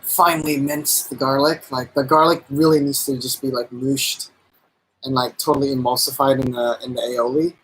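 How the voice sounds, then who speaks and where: A man's voice: a little high, fairly bright tone, slight background noise, poor audio. A man casually chatting on a live stream while cooking, rambling with lots of fillers and enthusiastic about the food.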